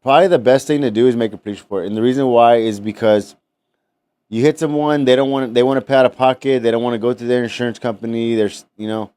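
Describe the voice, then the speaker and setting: A man's voice: medium pitch, fast, warm tone, smooth, no room sound. A man hosting a casual podcast, rambling with many fillers and restarts. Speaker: podcast host.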